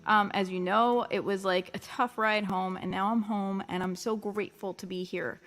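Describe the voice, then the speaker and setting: A woman's voice: medium pitch, steady tone, normal speed, a bit bright. A woman with a Long Island accent, a musician chatting casually and jokingly on her livestream while reading out viewer comments. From Long Island, New York.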